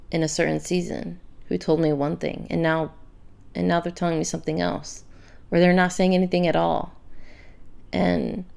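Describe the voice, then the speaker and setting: Low, gravelly-voiced woman podcaster. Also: darkish tone. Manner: candid, emotional, halting with repeated words. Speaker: podcast host. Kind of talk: personal faith-based podcast monologue.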